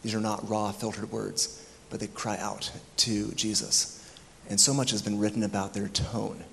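A man delivers a reflective sermon in a church, his low, gravelly voice staying even and flat. He voices the people in his story as he goes. The sound carries a long hall reverb with a faint hum behind it. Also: normal speed. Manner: reflective, acts out the thieves' words. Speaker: preacher.

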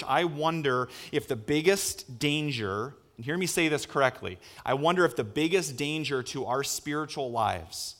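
A male pastor with a mid-range voice preaches an earnest sermon full of rhetorical questions. He moves between hushed lines and emphatic ones.

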